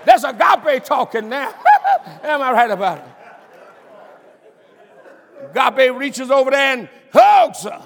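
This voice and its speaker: High-voiced older preacher, booming hall. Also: male voice, lively intonation, unhurried, long pauses, some chatter behind. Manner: preacher's call-and-response, repeated "am I right about it"; stammers and repeats words, bursts into shouts and laughter. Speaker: pastor. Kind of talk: sermon. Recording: long hall reverb.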